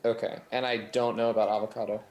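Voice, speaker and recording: A man's voice: lowish voice, little pitch movement, fast, darkish tone, faint music behind. A man playing a tabletop game who asks questions in casual chat. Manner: inquisitive, asks many questions. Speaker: player.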